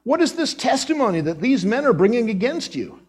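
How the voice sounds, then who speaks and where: A middle-aged male pastor preaching with a high, husky voice. His pitch swings widely as he acts out quoted dialogue. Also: very animated, fairly quick. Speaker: former associate pastor. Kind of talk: sermon.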